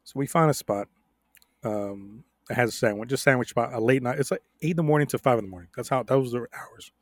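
A young adult man co-hosting a podcast, telling stories in a casual, profane, animated way with frequent laughs. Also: mid-range voice, fast talker, no room sound. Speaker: podcast co-host.

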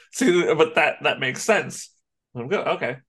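Rambling, animated man chatting. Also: fairly high pitch, takes it slowly, breathy edge. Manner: rambling, animated, swears and laughs often. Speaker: podcast co-host. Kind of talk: casual chat.

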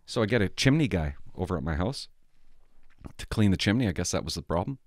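A middle-aged man talking casually to his viewers, rambling from one story to the next and often restarting his sentences. His voice sits fairly low and moves through a wide range of pitch. The recording is dry and close. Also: very animated, quick pace, no echo. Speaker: vlogger. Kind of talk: casual vlog chat.

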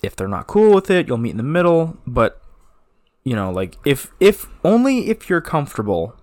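Male podcast co-host with a lively, swooping delivery, casual and profane. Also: on the high side, normal speed. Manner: animated, with cartoonish sound effects and cursing. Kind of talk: casual chat.

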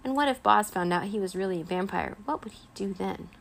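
A woman reads a children's chapter book aloud as a bedtime story, gentle and expressive in her storytelling. Her voice has a gravelly, creaky texture at a middling pitch. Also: a little fast.

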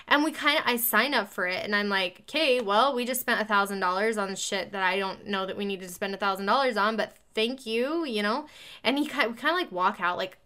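Bright-voiced woman telling a story. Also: mid-range voice, a little fast, clear, resonant tone. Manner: animated, acts out both sides of a conversation. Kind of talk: casual chat.

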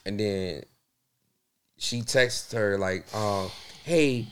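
A man's voice: medium pitch, sing-song, fast talker, fairly bright tone, a little hiss or hum. A man co-hosting a podcast in casual chat, gossiping and cutting in with his own side of the story. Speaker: podcast co-host.

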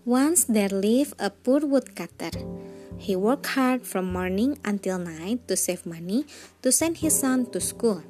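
A woman, the show's storyteller, reading a fairy tale aloud in a gentle, even way. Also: mid-range voice, a little slow, soft background music.

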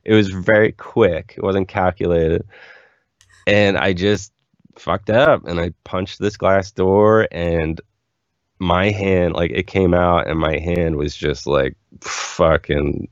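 A young man with a very deep voice and a gravelly, fry-laden texture tells his story candidly, looping through "like" fillers as he goes. The recording is dull, lo-fi and dry. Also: fairly even intonation, slow, no echo. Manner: rambling, candid, lots of "like" fillers. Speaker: musician guest. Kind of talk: casual interview storytelling.

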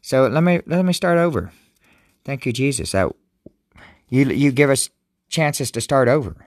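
A man's voice: medium pitch, dry recording, studio quality. A man casually reading Bible verses and commenting, rambling and joking, often stumbling over words. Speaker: devotional vlogger.

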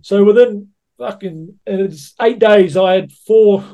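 High-voiced New man, sweary. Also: slow, mellow, dull audio. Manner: blunt, sweary, says "mate" a lot. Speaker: rugby head coach, podcast guest. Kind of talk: casual anecdote-telling.

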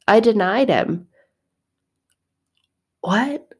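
A woman's voice: mid-range voice, lively intonation, extremely slow, slightly rough, heavily acted. A woman voicing a guilt-stricken man who cannot believe he is forgiven, in a devotional retelling. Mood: disbelieving. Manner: disbelieving, self-reproaching. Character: anguished adult male disciple full of guilt.

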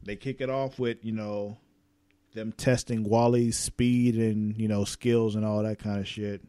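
Speaking in a lowish, smooth voice at a slightly slow pace, a man chats casually about a TV episode. He swears freely and gets animated, acting out the characters' lines in quotes.

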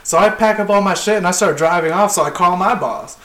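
A man's voice: high voice, brisk. A young man, a tradesman, telling a work story in a casual podcast chat, swearing freely and laughing as he talks. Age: young adult. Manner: profane, animated, laughing through the story. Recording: roomy echo.

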